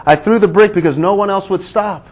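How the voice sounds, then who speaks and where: A man voicing a young boy who is tearful and pleading softly, with a fairly high voice. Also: a little fast. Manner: soft, pleading.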